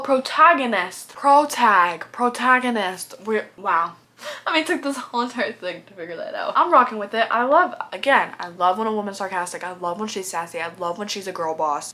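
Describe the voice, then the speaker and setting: A woman's voice: a little high, fairly bright tone. A young woman who vlogs about books, chatting casually about what she loves and hates, playful and opinionated. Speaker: book vlogger.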